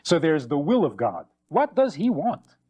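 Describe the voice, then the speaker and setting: Male rabbi lecturer, slightly high voice, emphatic and lively delivery. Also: a little slow, slightly rough, lo-fi sound. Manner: animated, acts out anecdotes with shifting voices; emphatic repetition. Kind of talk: spoken lecture on faith.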